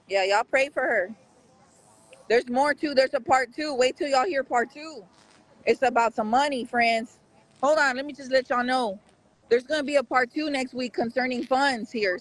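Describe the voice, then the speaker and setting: A man's voice: very high voice, a bit bright, low-quality recording. A man hosting a casual live street-news stream outside a courthouse, rambling and talking straight to his viewers.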